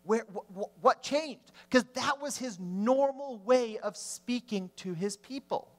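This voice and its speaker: A man preaching a sermon, swinging between emphatic rising questions and hushed drops. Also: very high voice, a little slow.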